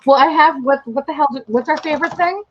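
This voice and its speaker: A woman's voice: high voice, fast talker. A woman hosting a casual livestream chat, giggly and self-mocking, with some swearing, heard over a video call. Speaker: livestream host. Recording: dull lo-fi stream audio.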